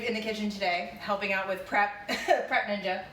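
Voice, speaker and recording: A woman hosting a casual cooking livestream from her home kitchen, loose and quick to laugh, swearing casually. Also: mid-range voice, steady tone, fairly bright tone. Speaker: cooking stream host. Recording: echoey kitchen, distant mic, faint hiss.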